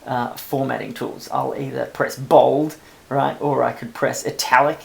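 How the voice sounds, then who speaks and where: Gravelly man explaining software. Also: medium pitch, a little slow. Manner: relaxed, chatty, self-amused explaining. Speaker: publisher teaching new authors. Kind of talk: screen-recorded software tutorial.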